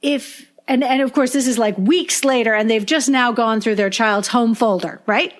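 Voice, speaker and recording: A woman school librarian talking on a podcast, telling stories with lively energy, acting out parents' complaints, and often restarting her sentences. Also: a little high, moderate pace. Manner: animated storyteller, acts out parents' complaints; frequent restarts and repeated words. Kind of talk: podcast conversation.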